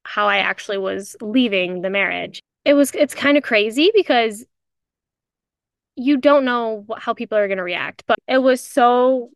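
A woman's voice: a little high, normal speed, creaky, no echo, clean studio sound. A woman hosting a podcast in a casual confessional monologue, candid and emphatic, swearing freely. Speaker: podcast host.

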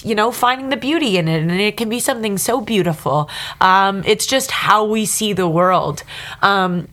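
A woman's voice: mid-range voice, fairly bright tone. A woman co-hosting a podcast, talking in casual chat in an earnest, emotional, meandering way. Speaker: podcast co-host.

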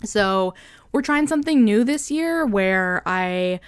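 A woman's voice: medium pitch, lively intonation, slow pace, smooth, no echo, clean studio sound. A woman hosting her own podcast, rambling casually and unscripted into her microphone with a goofy, self-deprecating manner. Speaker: podcast host.

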